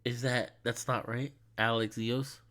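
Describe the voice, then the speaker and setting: A man reading a visual novel aloud, animated and easily flustered, stumbling over a character's name. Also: medium pitch, measured pace. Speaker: game reader.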